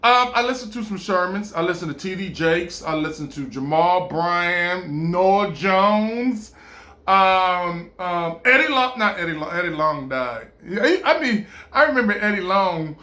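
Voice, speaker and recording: A man talking in a rambling, casual monologue, animated and stammering, often laughing and breaking into playful impressions. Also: sits high, unhurried, echoey room.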